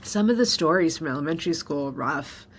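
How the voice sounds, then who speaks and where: A woman's voice: deep voice, lively intonation, fairly quick, slight background noise. A middle-aged woman host sharing a candid personal story, emotional and close to tears. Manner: emotional, candid, tearful at times. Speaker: podcast host.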